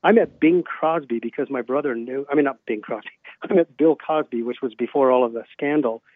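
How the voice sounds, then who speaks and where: A man's voice: medium pitch, fairly quick, no room sound. A male author tells long rambling stories and plays out every quoted exchange, leaning on ums and you-knows. His voice comes through a narrow, phone-like line with a very dry sound and no room around it. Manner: rambling anecdotes with many fillers, acts out quoted dialogue. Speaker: self-published author, guest. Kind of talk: casual storytelling interview.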